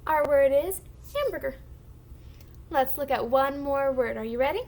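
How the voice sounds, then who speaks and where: A woman teacher giving a recorded phonics lesson to young children, sounding out words slowly and clearly for them to repeat. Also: sits high, animated, a little mellow.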